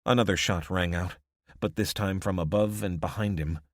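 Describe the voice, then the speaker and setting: A man narrating a survival audiobook in steady, measured scripted narration. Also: low-pitched, no echo, clean studio sound.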